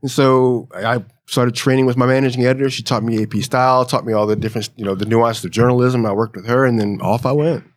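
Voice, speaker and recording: A man from Virginia, a magazine editor guest, telling stories in a relaxed, animated way and laughing often. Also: medium pitch, fast, hardly any pauses, no echo, studio quality. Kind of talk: casual storytelling in an interview.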